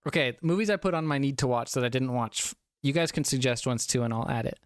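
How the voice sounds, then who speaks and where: A man's voice: mid-range voice, fast, no room sound, clean studio sound. A young man streaming a casual movie review, a little tipsy from drinking, rambling and swearing with frequent laughs. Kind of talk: casual live-stream chat.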